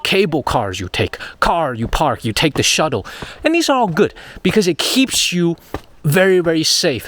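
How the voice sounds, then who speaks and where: Man, travel vlogger, higher voice, outdoor mountain trail, repeats phrases, slightly out of breath. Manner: chatty, repeats phrases, thinks aloud. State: out of breath while hiking. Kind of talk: walking travel vlog narration.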